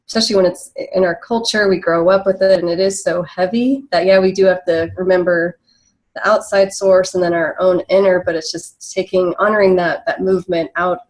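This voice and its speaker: A woman with a fairly low voice, joining a casual webinar chat about personal growth. She speaks softly and thoughtfully, easing into her points with small hesitations. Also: fairly even intonation, fairly quick, low-quality recording. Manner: soft-spoken, thoughtful, hesitant. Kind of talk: casual spiritual discussion.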